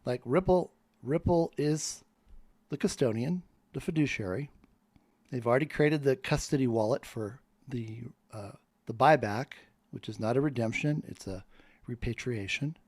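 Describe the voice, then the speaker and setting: A man's voice: mid-range voice, normal speed, a little mellow, no echo. A man in a fervent, preacher-like monologue that rambles from point to point. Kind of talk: spoken monologue.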